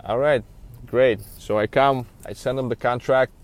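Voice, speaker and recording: A man's voice: medium pitch, fairly even intonation, normal speed. A man who works as a used car dealer, telling a story in a casual, rambling way with lots of fillers and a frustrated edge. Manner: rambling, frustrated, many "you know" fillers.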